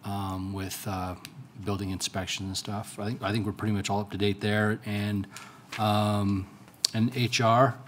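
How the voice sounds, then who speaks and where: A low, flat-voiced man on a city council speaks in a halting way, full of fillers. A faint room hum sits behind him in the council chambers. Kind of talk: casual meeting update.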